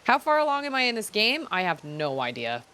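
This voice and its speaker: A woman's voice: medium pitch, sing-song, fairly quick, pushed and bright. A woman casually commenting as she plays a video game, chatty and self-deprecating, often trailing off mid-thought. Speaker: game streamer. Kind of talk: casual let's-play commentary.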